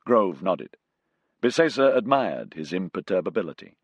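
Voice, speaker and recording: A man narrating an audiobook with a husky voice, shifting his pitch for the characters. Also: very animated, normal speed, no room sound. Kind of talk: scripted narration.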